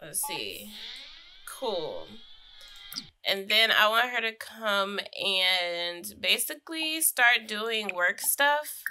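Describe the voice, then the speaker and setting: Bright-voiced chatty young woman gaming. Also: medium pitch, big pitch swings, very slow, slight background noise. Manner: chatty, laughs often, slangy asides. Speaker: gaming streamer. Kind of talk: casual Sims gameplay commentary.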